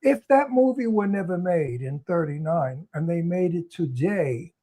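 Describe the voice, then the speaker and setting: Blunt Brooklyn man with a high voice. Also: animated, unhurried, dark tone. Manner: blunt, opinionated, emphatic. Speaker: actor and guest. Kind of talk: talk show interview.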